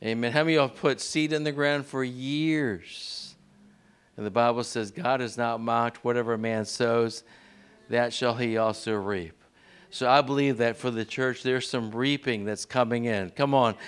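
Male preacher in church, animated sermon delivery with congregation repeating after him; clean, resonant voice. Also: smooth. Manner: call-and-response preaching, asks the congregation to repeat; animated, swings pitch up on key words. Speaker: pastor.

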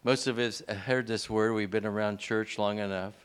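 A man preaching a sermon in a church, leading the congregation in call-and-response and pushing his pitch up sharply on key words. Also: fairly even intonation, moderate pace, clean tone. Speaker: pastor.

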